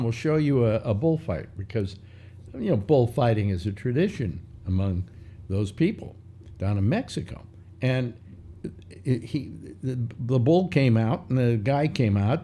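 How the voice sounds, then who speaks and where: A man's voice: mid-range voice, warm tone. An older man hosting a casual chat show, rambling through a story with many restarts and fillers. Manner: meandering, restarts, mock voices in anecdotes. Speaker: show host.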